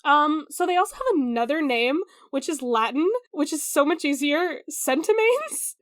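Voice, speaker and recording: A woman's voice: sits high, animated, moderate pace, dry recording. A woman co-hosting a podcast in casual chat, rambling and stumbling over hard names. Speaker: podcast co-host.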